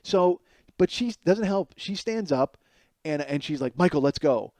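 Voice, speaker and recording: Profane, animated man spinning a story. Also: sits high, measured pace, no room sound, studio quality. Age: 40s. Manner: animated, profane, self-mocking. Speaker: podcast host. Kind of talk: solo comedic storytelling.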